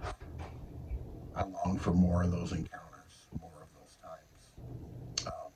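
A man in his forties telling a personal faith story in a halting, tender way, with many pauses and fillers. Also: low-pitched, flat delivery, noisy background. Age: 40s. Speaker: guest sharing a faith story. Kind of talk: personal testimony.

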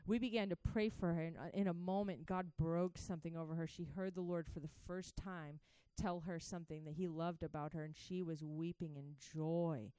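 A woman preaching a sermon, swinging from hushed to joyfully shouting and talking straight to her listeners. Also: fairly low pitch, steady tone, brisk, hardly any pauses, clear, resonant tone, no room sound. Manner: laughs between points, speaks to listeners as guys.

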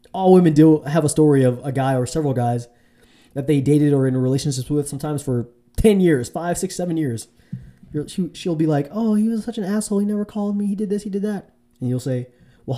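Man, very mellow dark tone, rambling casual storyteller, lots of fillers. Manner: rambling, full of fillers and restarts, mimics women in a high voice. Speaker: vlogger giving dating advice.

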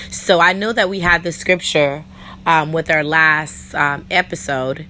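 A woman from New York hosting her own faith podcast, chatty and playful, talking straight to her listeners while her voice is a bit rough this week. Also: low-pitched, steady tone, measured pace, pushed and bright, a little hiss or hum. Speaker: podcast host. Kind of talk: solo faith podcast monologue.

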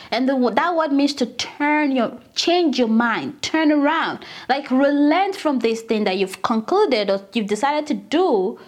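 A woman giving a casual, conversational Bible teaching, often calling her listeners "guys" and acting out scripture with dramatized quotes. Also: high-pitched.

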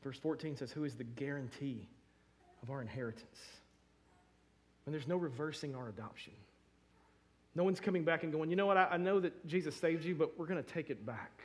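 A man preaching to his church, his pitch sitting a little above the usual for a man. He tells emotional stories in an animated, lively way, full of restarts and quick bursts of feeling. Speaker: pastor. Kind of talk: sermon.

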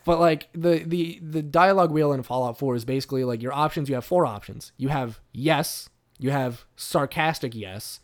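A man hosting a podcast in casual chat, animated and profane, with lots of fillers. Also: a little high, normal speed. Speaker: podcast host.

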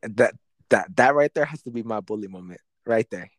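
Animated, slangy young man telling stories. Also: on the low side, normal speed, dry recording. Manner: slangy, profane, animated, mimics his own past lines. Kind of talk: casual storytelling chat.

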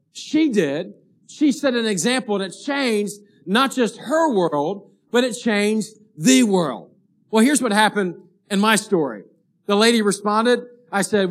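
A man, a pastor, preaching a sermon and telling a story in a lively, animated way. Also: sits high. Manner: animated storyteller, rising to excited shouting at the climax.

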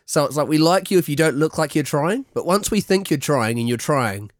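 A man's voice: on the high side, a little fast, no room sound. New Zealand man chatting in a dry room. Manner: animated, sweary storyteller. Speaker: podcast host. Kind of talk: casual chat.

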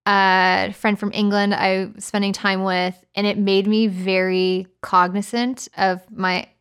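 A woman's voice: medium pitch, level tone, measured pace, fairly bright tone, clean tone. Playful Canadian woman chatting. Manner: chatty, playful, slips into joking accent impressions. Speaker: podcast co-host. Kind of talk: casual chat.

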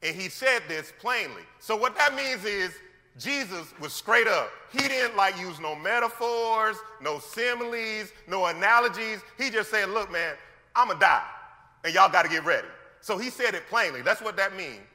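Man preaching, high voice, bright and forceful tone, lively slangy delivery, long reverb of a church hall. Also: moderate pace. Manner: animated, slangy preaching that acts out scripture scenes. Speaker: pastor. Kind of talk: sermon.

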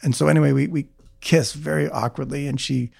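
A man's voice: a little high, steady tone, fairly quick, creaky, darkish tone, slightly rough. A man who is a surgeon and a podcast guest, telling a comic personal story. He quotes people and laughs at himself. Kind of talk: casual storytelling.

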